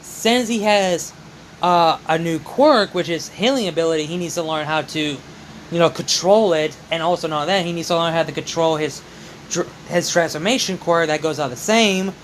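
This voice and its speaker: A man's voice: on the high side, normal speed, a little hiss or hum, poor audio. Rambling young man telling a fan story. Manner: rambling, repeats "just", self-corrects. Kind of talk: casual improvised storytelling.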